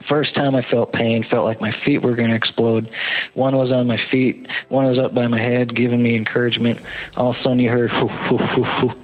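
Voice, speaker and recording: A man, a guest telling his own survival story, talking in a halting way with many repeated words. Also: medium pitch, little pitch movement. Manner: halting, repeats words, acts out shouted quotes. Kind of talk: emotional first-person storytelling. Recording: narrow phone-line sound.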